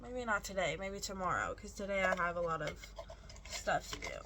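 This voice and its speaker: A woman's voice: medium pitch, expressive, brisk, sharp tone, a little hiss or hum. Chatty young woman vlogging casually. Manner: chatty, rambling, self-correcting. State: out of breath. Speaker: book vlogger. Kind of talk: casual vlog chat.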